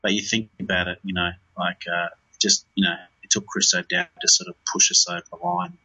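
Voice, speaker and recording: A man's voice: deep voice, sing-song, brisk, creaky, bright, forceful tone, husky, lo-fi sound. A man, a film director, talking in an interview in a rambling way, with many fillers and restarts.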